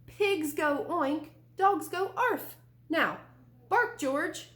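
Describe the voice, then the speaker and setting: A woman's voice: high-pitched, animated, extremely slow, a bit bright, pitched above the performer's own voice, full character voice. A woman voicing a dog mother who patiently and firmly coaxes her pup to bark, in a storybook read-aloud. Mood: coaxing. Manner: patient, repetitive coaxing commands. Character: firm, insistent dog mother. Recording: roomy echo.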